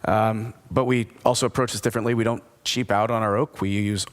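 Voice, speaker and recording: A man's voice: lowish voice, steady tone, a little fast. A man giving a conversational conference presentation, enthusiastic and asking his audience questions. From United States. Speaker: distillery speaker at a whisky forum.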